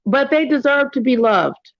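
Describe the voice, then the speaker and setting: Woman chatting on her livestream, lively. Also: moderate pace, no room sound, highs cut off. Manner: animated storytelling, jumps into high voices for quotes. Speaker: livestream host. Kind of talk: casual livestream monologue.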